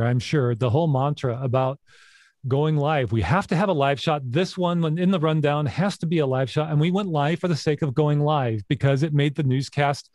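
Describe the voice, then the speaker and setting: A man's voice: medium pitch, darkish tone, no room sound, studio quality. A middle-aged man hosting an interview in a casual, reflective way, laughing often. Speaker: podcast host.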